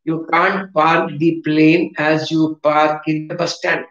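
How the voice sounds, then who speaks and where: This teacher, a man with a South Indian English accent, speaks on the high side in a level, fairly bright tone, taking his time. He spells vocabulary words letter by letter at the board and repeats himself, and the classroom audio is roomy, distant, and dull.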